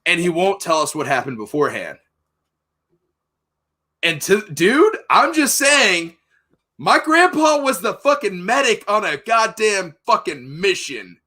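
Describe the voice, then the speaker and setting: Co-host, male, bright slightly high voice, emphatic and profane. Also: sing-song, unhurried. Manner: profane, emphatic family anecdotes. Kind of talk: casual chat.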